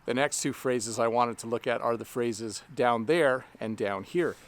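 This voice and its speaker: A man teaching an English lesson outdoors, speaking slowly and clearly with simple examples, a little out of breath. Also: medium pitch. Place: outdoors in the rain. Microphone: camera on a stand.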